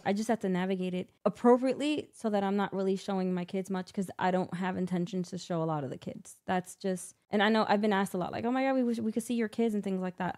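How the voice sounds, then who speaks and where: A woman co-hosting a podcast in relaxed conversation. Her pitch sits in the middle of the usual range. She speaks earnestly about what she thinks and teases her co-host along the way. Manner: earnest, teasing, laughs often. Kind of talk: casual chat.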